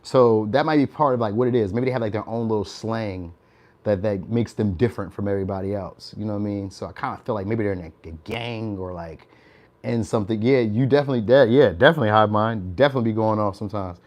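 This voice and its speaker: A man's voice: fairly low pitch, fast talker, a little mellow. A young man giving a casual, chatty tarot reading. He laughs often and keeps tagging his lines with "all right?". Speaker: tarot reader.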